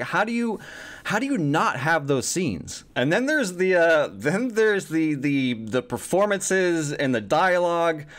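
A man giving a casual spoken movie review, animated and swearing freely, with lots of fillers. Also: a little high.

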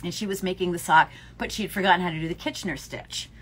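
A woman's voice: lowish voice, fast talker, a little hiss or hum. A middle-aged woman co-hosting a casual chat, telling stories animatedly and laughing often. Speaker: podcast co-host, yarn shop owner.

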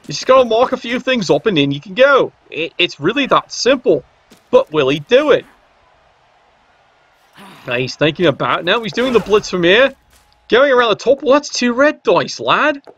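A man's voice: high voice, sing-song, moderate pace, pauses often, fairly bright tone, breathy edge, no room sound, lo-fi sound. A man giving casual, sarcastic play-by-play commentary on a video game match. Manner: cheeky, sarcastic banter.

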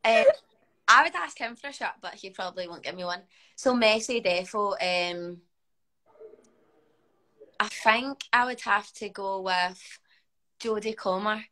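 Chatty Scottish woman, bright voice. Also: mid-range voice, unhurried, long pauses, poor audio. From Scotland. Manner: chatty, lots of "like", animated. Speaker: guest footballer. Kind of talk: casual chat on a livestream.

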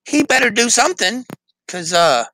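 A man's voice: extremely high pitch, big pitch swings, normal speed, pushed and bright, dry recording. A man playing a tabletop game, confidently boasting about how hard his character is to hit. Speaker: player.

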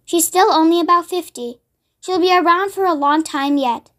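A woman voicing a gentle, kind young woman teacher in a storybook, soft-spoken. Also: very high-pitched, moderate pace. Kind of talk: read-aloud storybook acting.

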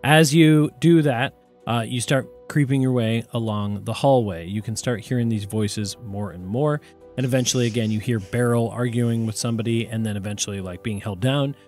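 A man's voice: medium pitch, moderate pace, darkish tone, faint music behind. A man narrating as game master in a casual, conversational way with filler words.

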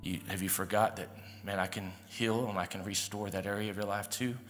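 A male pastor preaching a sermon in a conversational style, rising to emphatic peaks and dropping into quiet asides. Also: lowish voice, little pitch movement, fairly quick. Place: church sanctuary. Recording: long hall reverb with faint music.

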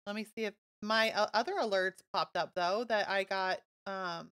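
Woman, live game streamer, casual chat, bubbly and gushing, bright clear voice. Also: mid-range voice, moderate pace. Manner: bubbly, gushing and easily excited.

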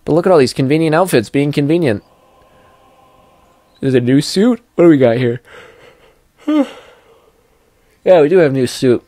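A man's voice: on the high side, lively intonation, moderate pace, long pauses, dark tone, dry recording. A young man giving casual let's-play commentary as he plays, chatty and goofy with playful sing-song asides. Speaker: gameplay commentator.

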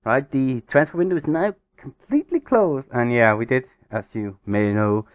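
A man hosting a gaming channel, giving excitable, exasperated let's-play commentary over a football management game. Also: mid-range voice, normal speed, clean tone, no room sound, phone-quality sound. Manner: exasperated, excitable, swears mildly.

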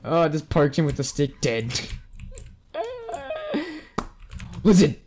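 A man giving let's play commentary at his computer, joking and reacting with excitement to the game as he plays. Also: on the high side, drawn-out words, background noise. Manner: excitable, jokey, yelps and laughs at the game. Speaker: gaming YouTuber.

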